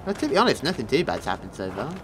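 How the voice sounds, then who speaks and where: A man's voice: mid-range voice, wildly swooping pitch, rapid-fire, slight background noise, poor audio. A young man giving jumpy, joking commentary over a horror game, swearing and yelping when startled. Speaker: gaming video host. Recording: game music loud behind voice.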